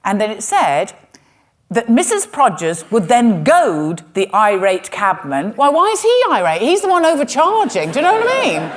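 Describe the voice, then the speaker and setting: A woman's voice: on the high side, very animated, measured pace. A woman comedian telling a history story on stage with wry, sarcastic asides. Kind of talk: stand-up storytelling talk. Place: stage in a museum.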